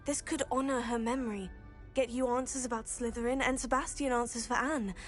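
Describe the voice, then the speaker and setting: A woman plays a determined young witch who argues earnestly and persuasively, her voice a little higher than most. Soft game music plays behind her. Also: steady tone, brisk, close to an everyday voice. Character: determined young female wizard student. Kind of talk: video game dialogue.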